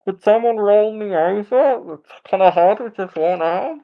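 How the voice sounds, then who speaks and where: A man voicing a petrified adventurer who stays falsely calm and polite, with a muffled, strained, high voice. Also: measured pace. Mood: pleading. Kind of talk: tabletop role-play voicing.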